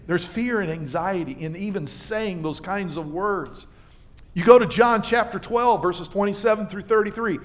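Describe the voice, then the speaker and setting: Man preaching, high voice, animated, scripture reading, playful asides to congregation. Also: moderate pace. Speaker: pastor. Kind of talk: sermon. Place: church livestream.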